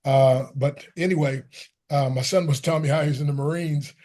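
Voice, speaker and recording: A man speaks on a motivational panel in a preacherly way. His voice is slightly high for a man, and he drives his points home through repetition. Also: steady tone, normal speed, warm tone.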